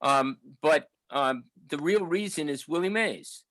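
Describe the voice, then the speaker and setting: A seventies-aged man reminisces in a loose, rambling way, full of fillers and restarts. His voice sits a touch higher than most men's. The sound is close and dry, with no room around it. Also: measured pace, fairly bright tone, no room sound, poor audio. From New York, the Bronx. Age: 70s. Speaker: audience member at a book talk. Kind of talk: casual storytelling.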